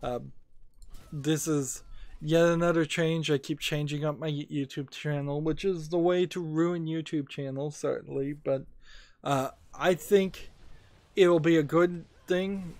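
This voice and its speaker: A man's voice: on the high side, a little mellow, dry recording. A man casually talking over his gaming video as a small YouTube creator, rambling and hesitant with many fillers, a little sleepy.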